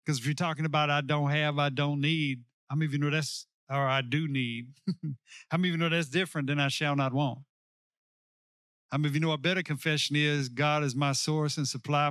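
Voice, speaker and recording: A man's voice: a little high, fairly bright tone, no echo. Man preaching a sermon, dry close sound. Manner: preaching with call-and-response to the congregation; slows down to stress key lines. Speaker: pastor.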